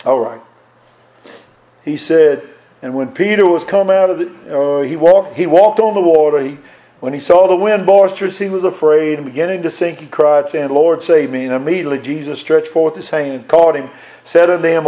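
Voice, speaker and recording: A man preaching a sermon in a folksy way, reading scripture aloud and swinging between loud emphasis and soft asides. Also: on the high side, moderate pace.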